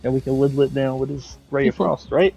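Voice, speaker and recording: A man's voice: mid-range voice, fairly even intonation, quick pace, creaky, over music, poor audio. A man playing a tabletop game, casually planning tactics with the group. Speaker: player.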